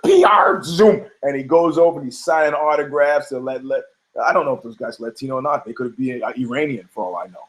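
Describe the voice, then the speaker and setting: A man with a mid-range, sing-song voice speaks a little fast while hosting a podcast. He offers brash, profane, rambling opinions on fights in casual commentary, restarting himself many times.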